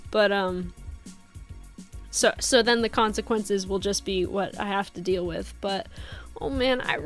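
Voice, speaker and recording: A young woman giving rambling, chatty commentary while playing a game. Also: a little high. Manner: chatty, rambling, many fillers. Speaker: game streamer. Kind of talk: let's play commentary.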